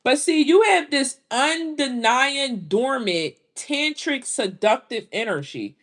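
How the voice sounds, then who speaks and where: A middle-aged woman, reading tarot in casual, animated talk full of exclamations. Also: sits high. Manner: animated, exclaiming, drawn-out reactions. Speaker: tarot reader.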